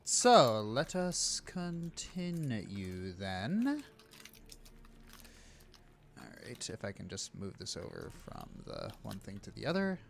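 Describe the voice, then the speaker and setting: A man running a tabletop game as game master, relaxed and unhurried, with many fillers. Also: on the low side, vocal fry, a little hiss or hum.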